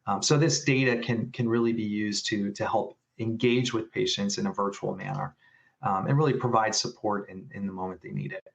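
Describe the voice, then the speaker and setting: Man, low voice, webinar presenter, halting, frequent restarts and fillers. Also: fairly even intonation, vocal fry.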